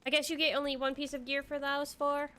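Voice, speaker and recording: A young woman giving casual commentary while she plays an online game. She is excitable, swears freely and thinks aloud as she goes. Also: sits high, fairly quick. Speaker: streamer playing an online game.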